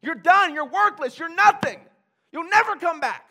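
A man voicing a cruel, taunting male devil who jeers and shouts insults in a high, loud voice. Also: lively intonation, normal speed, vocal fry, heavily acted. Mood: jeering. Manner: shouting, jeering, relentless.

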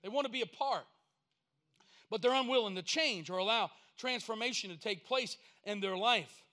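High, bright-voiced preacher. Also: male voice, moderate pace. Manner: folksy storytelling preaching, rising to emphatic points. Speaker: pastor. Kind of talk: sermon.

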